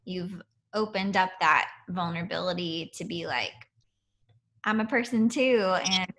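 A woman host with a bright, crisp voice, chatting in a casual interview. She affirms her guest readily before adding her own thoughts. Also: lowish voice, a little slow. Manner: agreeable, affirming. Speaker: podcast host.

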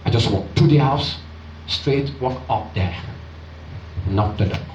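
A man's voice: measured pace, a little hiss or hum. A male pastor, preaching a storytelling sermon and acting out the voices of the people in his story. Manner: animated storyteller acting out voices, jumping high for excited women. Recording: roomy, distant and dull.

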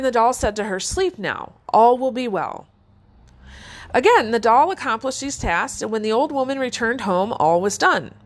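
Woman telling a fairy tale, higher voice. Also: fairly bright tone. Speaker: storyteller.

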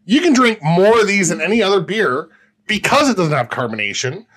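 A man's voice: sits high, big pitch swings, a little fast. A man co-hosting a casual drinking podcast, telling boisterous stories and swearing freely. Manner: loud, profane, boisterous storytelling. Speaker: podcast co-host.

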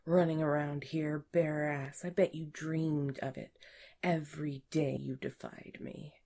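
A sly, commanding female boss, voiced by a woman reading an erotic audiobook, low in pitch and unhurried. She gives her orders in a hushed, teasing tone. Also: flat delivery. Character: stern, teasing female office supervisor.

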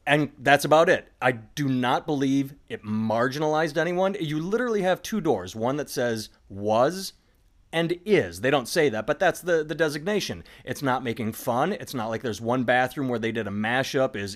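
A middle-aged man hosts a casual comedy podcast. He rambles through stories with plenty of animation and drops into quick put-on voices for the people in them. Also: mid-range voice. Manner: rambling, animated storytelling with sudden voiced impressions. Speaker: podcast host.

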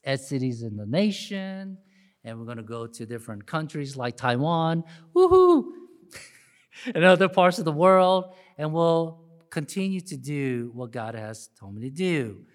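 An older pastor preaches in a fairly high voice, swinging from loud whoops and chuckling asides to a hushed, slow prayer. He talks to his congregation with an easy, lively delivery. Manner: animated, laughing asides, trailing into a soft prayer. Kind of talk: sermon. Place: church sanctuary.

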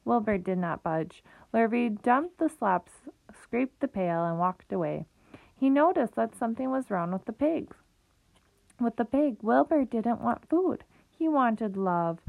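A woman's voice: fairly high pitch, unhurried, vocal fry, no echo. Woman reading aloud over a tinny line. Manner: lively, with small slips and restarts. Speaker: reader. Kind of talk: reading a children's book aloud. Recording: tinny phone-like recording.

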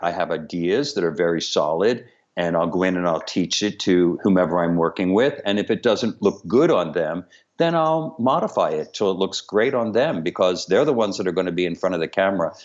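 A man's voice: low voice, animated, a little fast. A man, a director and choreographer, talking candidly and with humor in a remote interview over a video call. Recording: dull lo-fi call audio.

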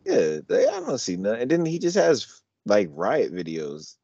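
Lively low-voiced man arguing on a podcast. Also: normal speed, vocal fry, breathy edge, dry recording. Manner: argumentative, animated, repeats himself. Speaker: podcast co-host. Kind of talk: casual podcast banter. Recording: dull lo-fi podcast audio.

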